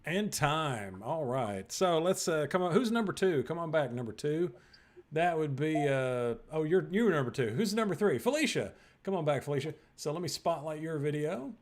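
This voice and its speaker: Guy running a virtual improv game, slightly high voice, brisk, video call. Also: animated. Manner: brisk, directing players. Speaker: improv show host.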